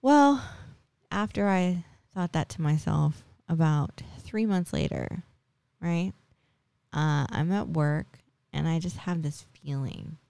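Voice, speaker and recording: A woman's voice: low voice, big pitch swings, slow, vocal fry, mellow, no echo. A woman in her forties hosting a podcast, telling a personal story in a chatty, casual way full of tag questions and fillers. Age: 40s. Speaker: podcast host.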